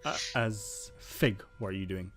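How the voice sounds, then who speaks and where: A man narrating as game master of a tabletop game, describing the action in a calm, descriptive way. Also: fairly low pitch, unhurried, faint music behind.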